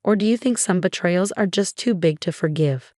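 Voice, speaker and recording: A young adult woman narrating a scripted first-person story in an even, conversational way. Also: lowish voice, moderate pace, no echo, clean studio sound.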